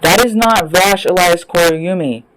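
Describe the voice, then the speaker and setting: Man ranting, swearing, loud then muttering. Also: sits high, a little slow, low-quality recording. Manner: angry, sweary, rambling, jumping between loud outbursts and mutters. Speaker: vlogger. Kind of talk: profane off-the-cuff rant.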